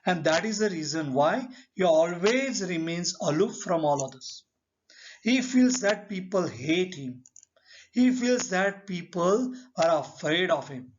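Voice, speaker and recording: Indian english guy teaching lit, slow careful talk, lots of rhetorical questions, muffled lo-fi audio. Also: high voice. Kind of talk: literature lesson. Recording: dull lo-fi recording.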